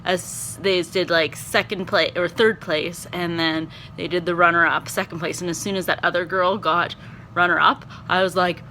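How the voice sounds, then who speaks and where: A young woman, vlogging in a casual, rambling chat that is full of fillers and easily excited. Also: fairly low pitch, moderate pace, a little hiss or hum. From Canada. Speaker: vlogger and performance teacher.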